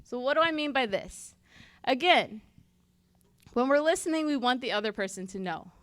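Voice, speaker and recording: A fairly high-voiced woman giving a teaching talk at church. She speaks in an easy, conversational way and slips into short acted-out exchanges to make her points. The sound is dry and close. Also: lively intonation, moderate pace, fairly bright tone, no echo. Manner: conversational, acts out little dialogues.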